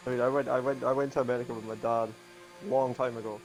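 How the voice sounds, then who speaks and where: A man from Scotland with a Scottish accent, making relaxed, joking asides as co-commentator. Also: mid-range voice, fast, faint music behind. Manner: laid-back, joking asides. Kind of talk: casual co-commentary.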